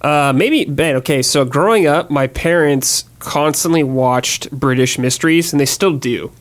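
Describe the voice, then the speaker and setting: A man hosting a casual podcast, relaxed and quick to laugh. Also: a little high. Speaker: podcast host.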